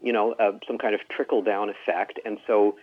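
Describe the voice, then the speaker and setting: A man's voice: on the low side, little pitch movement, brisk, no echo. A man from Canada, a science journalist, answering an interview thoughtfully with some hesitations. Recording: tinny phone line.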